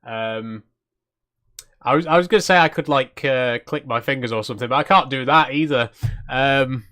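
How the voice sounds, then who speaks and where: A man's voice: medium pitch, moderate pace, sharp tone. A man streaming a cozy game, chatting casually, laughing often and poking fun at himself. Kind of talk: live stream gameplay commentary.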